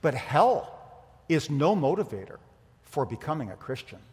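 A pastor preaching to his congregation, a man with a notably high voice who builds emphatic rhetorical questions and then drops quiet. His words hang in the long reverb of a church hall. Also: sing-song, normal speed, husky. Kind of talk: sermon.

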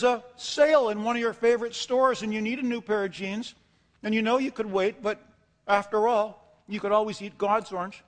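Man, pastor, high-pitched voice, preaching, dramatic storytelling, long reverb in a church. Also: fairly even intonation, normal speed. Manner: dramatic storytelling with acted asides, building to impassioned emphasis. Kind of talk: sermon. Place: church sanctuary.

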